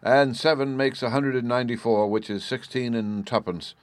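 A man's voice: medium pitch, steady tone, normal speed, no room sound, pitched above the performer's own voice, lightly acted. A man voicing a sub-warden absorbed in adding up figures. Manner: muttering, absorbed. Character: absorbed, scheming male sub-warden doing sums.

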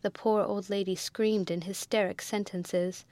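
A woman reads a classic novel aloud in a measured, even way. Her voice sits at an ordinary middle pitch, and the recording is dry and close. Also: no echo. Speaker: audiobook narrator. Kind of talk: scripted narration of a classic novel.

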